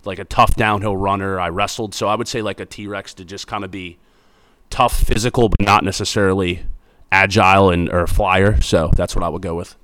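Upbeat low-voiced man, chatty principal. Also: fairly even intonation, fairly quick, a bit bright, no echo. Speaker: school principal. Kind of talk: casual interview answers.

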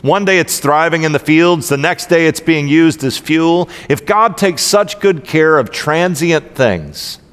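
A pastor reading as Jesus, gentle and slow. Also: male voice, a little high, lively intonation, clear, resonant tone. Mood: gentle, earnest. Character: Jesus, calm gentle man teaching a crowd. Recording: long hall reverb.

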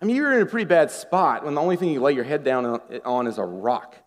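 A man preaching a sermon in a lively, conversational way, asking the congregation questions as he goes. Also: a little high, quick pace. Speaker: pastor. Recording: long hall reverb.

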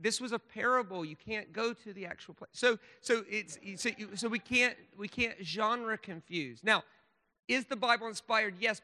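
High, bright-voiced preacher in an echoing hall. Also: male voice. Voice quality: emphatic, with lots of stammered restarts. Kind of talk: sermon.

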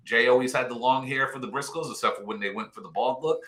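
A man's voice: medium pitch, fast talker, a bit bright. A man talking casually on a podcast, rambling with lots of "you know" and fan enthusiasm. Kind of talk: casual chat.

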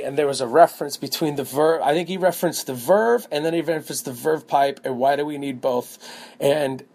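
A man hosting his own comedy podcast, telling a long story in a rambling, profane, animated way with quick asides. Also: on the high side, gravelly. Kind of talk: casual storytelling monologue.

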